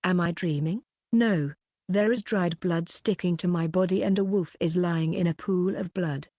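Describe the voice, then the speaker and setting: A woman narrating a web novel audiobook in an even, measured reading. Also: fairly low pitch, no echo, studio quality. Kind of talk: scripted narration.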